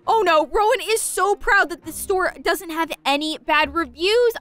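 An excitable young woman narrates a game role-play and chats straight to her viewers. Her voice is very high, bright and full of lively swings. Soft music plays underneath. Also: moderate pace, few pauses. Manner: excitable, chatty, addresses viewers. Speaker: gaming channel host.

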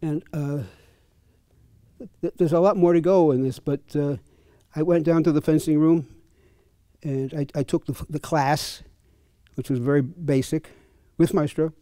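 A man's voice: fairly high pitch, steady tone, a little slow, dark tone, no room sound, clean studio sound. Older man telling fencing stories. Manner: chatty, chuckling, conversational. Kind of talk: casual anecdotal storytelling. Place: fencing center clinic.

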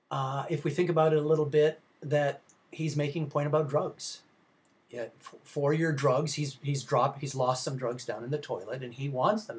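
A male film instructor giving a recorded slide lecture, chatty and rambling, with many filler sounds and restarts, speaking directly to his students. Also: fairly high pitch. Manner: conversational, addresses students directly.

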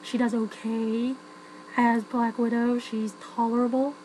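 A woman's voice: a little high, flat delivery, measured pace, darkish tone, slight background noise, poor audio. A woman giving a frank, chatty spoken film review, full of fillers and restarts.

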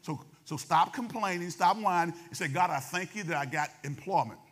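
High, bright-voiced pastor preaching. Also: male voice. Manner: fast-talking, call-and-response with the congregation. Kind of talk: sermon.

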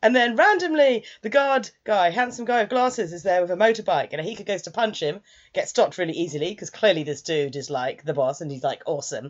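Woman reviewer, low voice with lively swings, chatty recap, muffled lo-fi sound. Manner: chatty, animated retelling with quick asides. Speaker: anime reviewer. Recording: dull lo-fi sound.

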